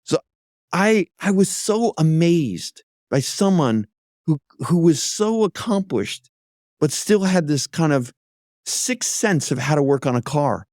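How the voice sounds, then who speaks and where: Man telling lively stories as a guest. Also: fairly high pitch, takes it slowly, no room sound, studio quality. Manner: lively anecdote-teller who acts out other voices. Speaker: guest, auto executive. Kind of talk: casual interview storytelling.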